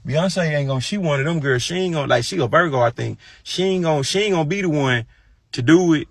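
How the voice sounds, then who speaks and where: Gravelly, profane man ranting casually. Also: quick pace, no echo. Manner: profane, gossipy, breaks into high falsetto singing and mimicry. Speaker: streamer. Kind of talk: casual rant.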